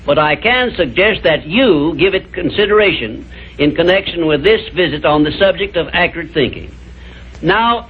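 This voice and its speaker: A man delivering a measured, emphatic motivational lecture in an old, tinny archival recording. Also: high voice, husky.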